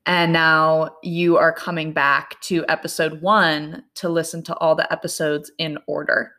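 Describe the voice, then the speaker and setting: A young woman co-hosts a podcast with a somewhat low voice and an earnest, chatty way of talking. She fills pauses with ums. She sits on the floor at home with rough home-made audio. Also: flat delivery, pushed and bright. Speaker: podcast co-host. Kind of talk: casual chat. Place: sitting on the floor in a house.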